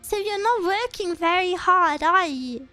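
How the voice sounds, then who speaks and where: A woman's voice: extremely high pitch, lively intonation, measured pace, bright, forceful tone, faint music behind. A woman streamer in a casual live chat, earnestly encouraging her viewers and getting a little choked up. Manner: gets choked up and emotional.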